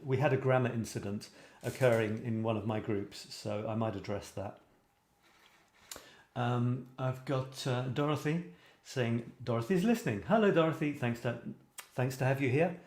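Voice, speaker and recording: A man's voice: medium pitch, a little mellow, roomy sound. A man hosting a casual live chat about writing, reading funny poems aloud with lots of fillers and restarts. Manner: reads light verse playfully. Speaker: host.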